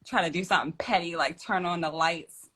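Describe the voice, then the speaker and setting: A woman's voice: fairly low pitch, a little fast, fairly bright tone, husky. A woman hosting a tarot livestream from home, chatting casually in slang, laughing often and reading out viewer comments.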